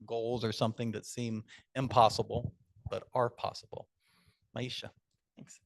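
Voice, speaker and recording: A man's voice: medium pitch, flat delivery, unhurried, creaky, no room sound. Dry, chatty man hosting a club meeting. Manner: chatty, upbeat, storytelling asides. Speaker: table topics master.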